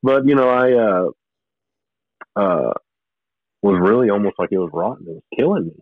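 A guest telling his testimony shares a personal spiritual story in a rambling way, with restarts and short laughs. His voice is fairly low, animated and at a normal pace. The sound is phone quality with no echo.

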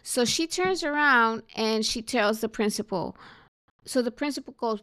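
A woman's voice: a little high, unhurried, smooth. A woman host telling a story in casual chat, acting out the dialogue of the people in it. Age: adult mother. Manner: animated retelling, acts out dialogue. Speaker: podcast host.

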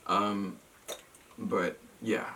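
A man's voice: lowish voice, flat delivery, extremely slow, pushed and bright, distant mic, a little hiss or hum. A young man from Massachusetts telling a story in casual chat, rambling and self-mocking, with many ums and restarts.

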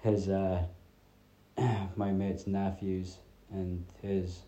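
A man in his thirties from north-east Scotland rambles through a chatty solo podcast, dropping his T sounds. His voice is low, dark and mellow, and it stays fairly level in pitch. The sound carries an echoey room around it. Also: little pitch movement, extremely slow. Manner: rambling, chatty storytelling with many fillers. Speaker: podcast host. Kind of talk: casual solo podcast chat.

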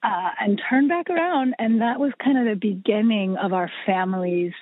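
A woman at a moderate pace and mid-range pitch recounts her family's music in long, chatty podcast stories, with lots of fillers and restarts. The talk is casual interview storytelling, and the dry recording has a husky, phone-like quality.

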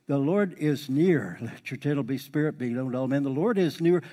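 A middle-aged man preaching a sermon in a folksy way, repeating key lines for emphasis and building into lively exhortation. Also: mid-range voice, a little fast, hardly any pauses. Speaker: pastor. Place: church sanctuary. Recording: long hall reverb.

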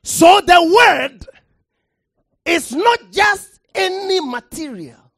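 Passionate preacher mid-sermon: high, swooping pitch, slow measured pace, calls for the crowd to answer back. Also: expressive, no echo, studio quality. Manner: impassioned, shouting for emphasis with sudden drops to quiet; calls for audience response.

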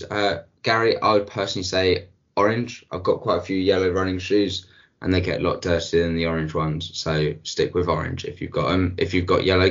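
A man with a very low voice co-hosts a comedy podcast, playing along with his partner's nonsense in loose, stop-start chat. The recording sounds muffled and lo-fi. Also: creaky. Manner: playful, goes along with the bit, frequent restarts. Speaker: podcast co-host. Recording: dull lo-fi recording.

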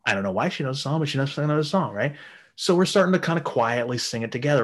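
A man's voice: fairly high pitch, expressive, fast talker. A man in his thirties telling a rambling, crude story in casual chat, swearing often. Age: 30s. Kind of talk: casual anecdote.

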